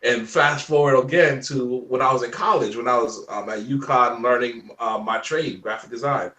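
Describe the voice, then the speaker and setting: A man in his forties telling stories in a casual interview chat, animated and laughing often. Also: mid-range voice, moderate pace, reverberant, distant mic. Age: 40s. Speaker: guest.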